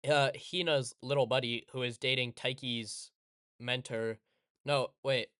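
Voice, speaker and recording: A man's voice: medium pitch, steady tone, measured pace, a bit bright, clear, resonant tone, no echo, clean studio sound. A man casually rambling in sarcastic commentary over gameplay, often correcting himself. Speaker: streamer.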